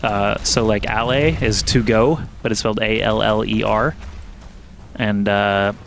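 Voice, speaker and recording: A man's voice: on the low side, fairly even intonation, a little slow, gravelly, fairly bright tone. A young man casually commentating an esports match, chatty and joking, laughing often. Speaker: esports caster. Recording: noisy background.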